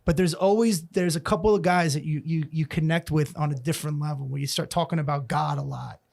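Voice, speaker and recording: A man from North Jersey tells stories as a podcast guest, swearing freely and laughing often. His voice is gravelly and sits fairly high. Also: quick pace. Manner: profane, animated storyteller who laughs a lot. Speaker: guest comedian. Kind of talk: casual storytelling chat.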